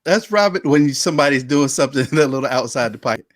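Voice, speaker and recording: A man's voice: mid-range voice, lively intonation, quick pace, no room sound. A man co-hosting a podcast, chatting casually in a laid-back way. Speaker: podcast co-host.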